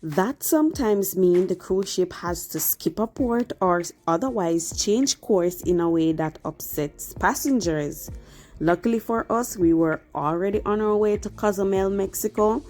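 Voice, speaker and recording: A woman's voice: medium pitch, a little slow, darkish tone, soft background music. A woman narrating a cruise vlog in an explanatory, conversational way. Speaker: cruise vlogger.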